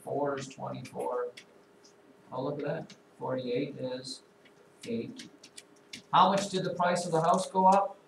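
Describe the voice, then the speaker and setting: A man's voice: medium pitch, fairly even intonation, measured pace, pauses often. A man teaching a classroom math lesson, talking students through a problem with dry, teasing asides. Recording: echoey classroom, voice from far off, clear noise.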